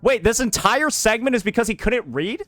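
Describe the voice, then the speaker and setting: A man with a high, bright voice that swings widely in pitch, ranting through a reaction commentary. He sounds exasperated and heated, and he swears freely. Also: expressive, moderate pace, faint music behind.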